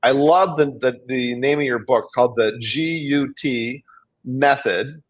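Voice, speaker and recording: A man's voice: medium pitch, unhurried. A man hosting a podcast interview, encouraging and responsive to his guest. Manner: encouraging, frequent backchannels. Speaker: host.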